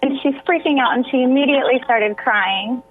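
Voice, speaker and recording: A woman with a high-pitched voice speaks briskly as a guest on a radio interview. Heard through a tinny phone line, she tells an emotional personal story and at times breaks into tears.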